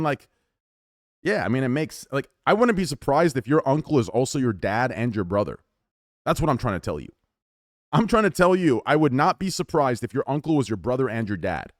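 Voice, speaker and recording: A man's voice: mid-range voice, no room sound, studio quality. A man live streaming and ranting casually to his chat, rambling and swearing a lot as he jumps between topics and mocks himself.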